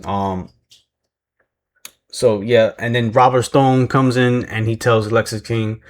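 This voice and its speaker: A man's voice: mid-range voice, fairly even intonation, slow pace. A man casually recapping a wrestling show, rambling and poking fun at himself, sometimes mimicking the people he describes. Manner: rambling, self-deprecating, mimics voices when retelling.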